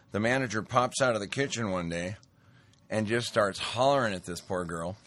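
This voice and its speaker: A man's voice: mid-range voice, a bit bright. A man giving a folksy, emphatic political commentary monologue that rambles from point to point.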